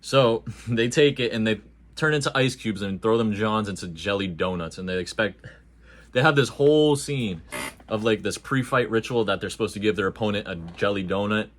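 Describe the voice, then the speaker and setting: A man with a fairly low voice reviews a movie in a loose, casual way. He talks with lively energy, full of slang and jokes. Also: moderate pace. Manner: animated, slangy and jokey.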